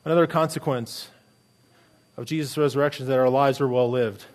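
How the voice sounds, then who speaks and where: A man's voice: medium pitch, steady tone, brisk, a little mellow. A middle-aged man, a pastor, preaching a sermon earnestly and emphatically, with many rhetorical questions.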